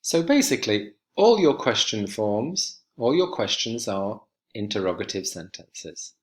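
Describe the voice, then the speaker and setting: A man teaching an English grammar lesson to students, clear and emphatic as he speaks to them directly. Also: lowish voice, sing-song, a little slow.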